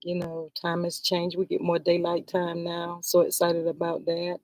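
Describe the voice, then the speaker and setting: A woman talks straight at the people she is criticizing, scolding and exasperated, and sighs to the Lord between points. Her voice sits at an ordinary middle pitch. The sound is dry and close, with no room echo. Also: monotone, normal speed, darkish tone. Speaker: vlogger commenting on a reality show. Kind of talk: heated livestream commentary.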